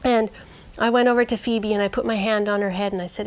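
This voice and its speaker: A woman shepherd telling a personal story in an earnest way, dropping to a hush at tense moments. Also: mid-range voice, normal speed, poor audio.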